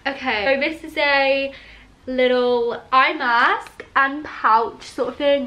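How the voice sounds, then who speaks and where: A young woman chats into her camera at home, her voice sitting high. She gushes over each item, peppering her speech with "like" and "oh my god.". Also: fairly even intonation, slow pace, background noise. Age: young adult. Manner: gushing, full of "like" and "oh my god". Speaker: vlogger. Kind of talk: casual unboxing vlog. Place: at home indoors. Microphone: handheld camera.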